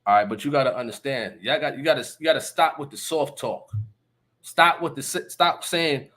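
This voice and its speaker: A man's voice: fairly high pitch, animated, moderate pace, a bit bright. A man hosting a casual live stream, talking emphatically and often asking listeners if they understand. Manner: laughs between remarks. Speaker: livestream host.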